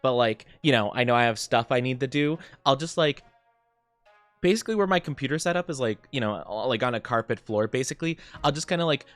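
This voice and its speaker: A man's voice: mid-range voice, animated, a little fast, fairly bright tone, dry recording, soft background music. A young man chatting casually on a live stream, upbeat and giggly as he greets his chat.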